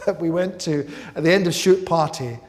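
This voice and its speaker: A male actor telling anecdotes as a guest at a live interview, lively and self-deprecating, often mimicking others. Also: a little high, normal speed, in a large hall.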